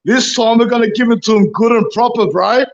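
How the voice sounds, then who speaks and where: A man's voice: very high-pitched, steady tone, a little fast, dull audio. An Australian man chatting as a fan guest, blokey and stammering, tacking "mate" and "bro" onto everything. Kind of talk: casual footy chat.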